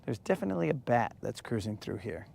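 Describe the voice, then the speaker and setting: A man's voice: mid-range voice, sing-song, quick pace, gravelly, darkish tone, slight background noise. A man hosting a live fishing stream from a lake at night, chatting casually and joking with his viewers. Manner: joking, rambling, teasing viewers.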